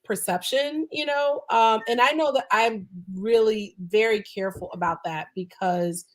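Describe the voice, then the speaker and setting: A woman's voice: a little high, a little slow. A woman guest on a podcast, talking casually and chattily, with lots of "like" and "you know".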